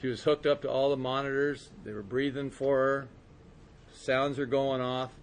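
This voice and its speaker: Man, mid-pitched voice, earnest testimony to a group, storytelling, faint background hiss. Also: level tone. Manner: earnest storytelling, soft and slow in quiet moments. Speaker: speaker sharing his recovery story. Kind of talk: personal testimony talk to a group.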